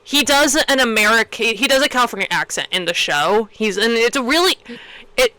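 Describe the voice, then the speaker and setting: A young woman co-hosting a podcast, telling a rambling, excited story in casual chat and swearing freely. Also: a little high, fairly quick, no room sound, low-quality recording. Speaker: podcast co-host.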